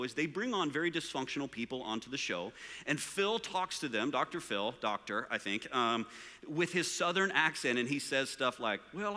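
Animated bright-voiced man preaching in a hall. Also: a little high. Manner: animated, joking, rhetorical questions to the room. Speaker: pastor. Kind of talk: live sermon. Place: large church hall. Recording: long hall reverb.

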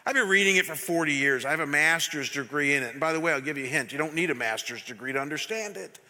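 A man's voice: on the high side, animated, fast, pushed and bright. A middle-aged man preaching a passionate sermon as pastor, emphatic and quizzing the congregation. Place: church sanctuary. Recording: long hall reverb.

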